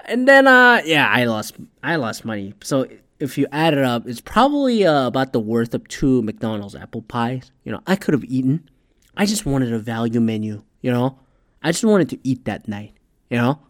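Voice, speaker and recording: A man in a casual, profane, self-mocking monologue, dropping to mumbles and then bursting out loud. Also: mid-range voice.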